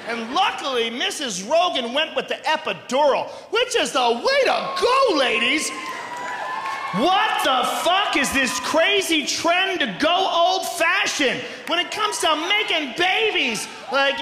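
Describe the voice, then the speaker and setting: A man doing a loud, profane stand-up routine in front of a live audience, often breaking into shouts. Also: very high voice, very animated, moderate pace, a crowd in the background. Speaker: stand-up comedian. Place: large concert hall, live audience. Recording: echoey live hall recording with noise.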